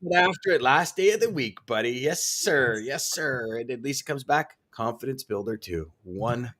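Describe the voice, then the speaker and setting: A man's voice: mid-range voice, expressive, normal speed, a bit bright. A man co-hosting a live sales show, reading viewer comments aloud and cheering them on with enthusiasm. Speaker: podcast co-host.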